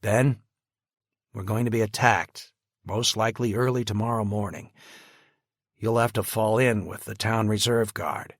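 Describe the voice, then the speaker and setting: A man's voice: fairly low pitch, fairly even intonation, unhurried, dry recording, clean studio sound. A man voicing a protective middle-aged father who gives clipped, commanding orders.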